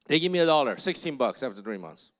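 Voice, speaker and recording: A man's voice: medium pitch, big pitch swings, fast talker. A man preaching a conversational sermon as pastor, telling stories and bluntly exhorting the congregation, often checking in with them.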